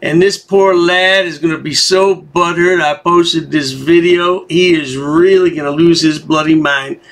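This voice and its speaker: A man's voice: fairly high pitch, fairly even intonation, a little slow, a bit bright. A man hosting a commentary channel, giving a sarcastic, taunting voice-over.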